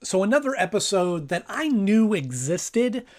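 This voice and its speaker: A man hosting a cartoon review show, chatting in a casual, upbeat way and rambling quickly through his thoughts. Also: sits high, big pitch swings, a little mellow. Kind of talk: casual review and plot recap.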